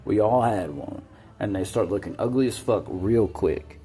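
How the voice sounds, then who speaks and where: Gravelly, dark-toned man, rambling and profane vlog monologue. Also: lowish voice, lively intonation, normal speed. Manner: rambling, profane, jumps between topics.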